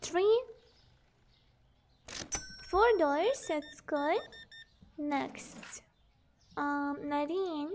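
A young woman with a very high, light voice chats with her stream viewers as she plays. She talks in an unhurried, drawn-out way, bubbly and giggly, greeting people and counting out numbers aloud. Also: darkish tone, slight background noise. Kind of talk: casual live-stream chat while gaming.

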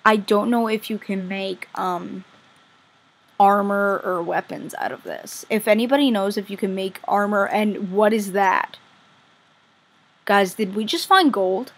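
A woman commenting casually on her own game play as a vlogger, chatty and easily excited, gushing over what she finds. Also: mid-range voice, a little slow. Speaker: gaming vlogger.

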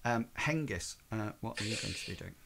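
A man's voice: fairly low pitch, expressive, gravelly, background noise. A man narrating a tabletop game as game master, hesitant and full of fillers. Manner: slow, halting, full of ums and sort-of-likes.

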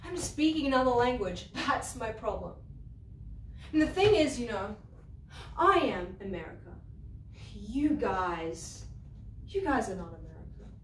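An actress performing a stage monologue as a quick-tempered young former waitress, hurling profane, confrontational accusations. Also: female voice, fairly high pitch, very animated, reverberant, far from the mic, a little hiss or hum. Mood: bitter, defiant. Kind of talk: theatre monologue.

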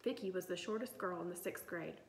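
A woman narrating a children's novel in an even storytelling manner. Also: lowish voice, fairly quick. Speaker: audiobook reader. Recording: roomy echo.

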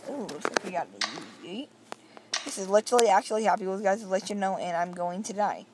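A woman giving let's-play commentary on a video game, excitable, with silly sound effects and sudden yelps. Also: mid-range voice, quick pace. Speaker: gamer. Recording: loud clicking noise.

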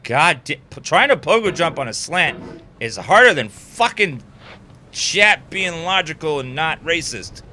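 A young male gamer commentates slowly over his play, in a bright voice whose pitch swings widely. He swears constantly and snaps into sudden angry outbursts. Faint background noise sits under him. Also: very animated. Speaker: game streamer. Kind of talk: frustrated gameplay commentary.

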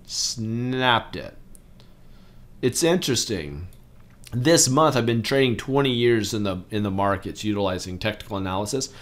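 A man in his forties hosting a trading channel, talking casually through stock charts and getting excitable over big moves. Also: fairly low pitch, moderate pace. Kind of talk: casual chart walkthrough commentary.

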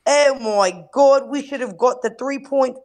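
A woman co-hosting a casual group podcast, talking slowly and laughing often. Her voice sits fairly high and she drags out her words. She sounds relaxed among friends. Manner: laughs often, slow and drawn out. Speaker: podcast co-host.

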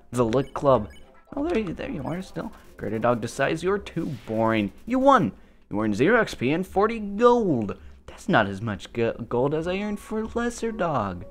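A let's play gamer talks slowly and goofily through the game, pitch leaping up and down as jokes tumble out. The delivery is rambling and self-amused, with faint game music running underneath.

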